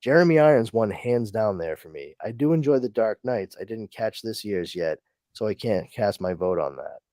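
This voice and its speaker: A man's voice: lowish voice, lively intonation, moderate pace, warm tone, no room sound, clean studio sound. A man hosting a casual podcast chat, reading out listener comments and rambling with many restarts. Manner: rambling, frequent restarts and fillers. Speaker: podcast host.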